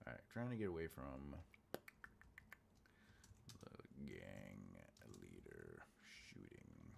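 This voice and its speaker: A man chats casually with viewers while outlining a story, muttering notes to himself between jokes. His pitch moves a lot, rising and dropping from one phrase to the next. Keyboard clicks sit behind his voice. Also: creaky, background noise. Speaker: author livestreaming his writing process.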